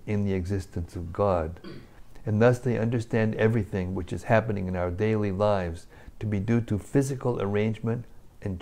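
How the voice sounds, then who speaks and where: A middle-aged man reading a religious commentary aloud, slow and measured, with occasional restarts. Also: lowish voice, dark tone. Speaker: reader of scripture purports.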